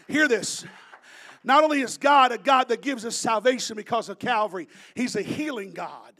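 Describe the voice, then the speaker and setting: A man in his thirties from Florida preaches a sermon, telling his story in a lively, animated way. His voice sits high for a man. He breaks into shouting at the peaks. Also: moderate pace. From Florida, USA. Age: 30s.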